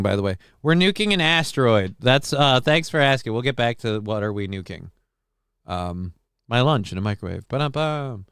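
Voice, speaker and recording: A man hosting a live call-in stream, reading out chat comments with dry deadpan humor, rambling and swearing casually. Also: fairly low pitch, gravelly, smooth, no room sound. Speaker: livestream host reading chat.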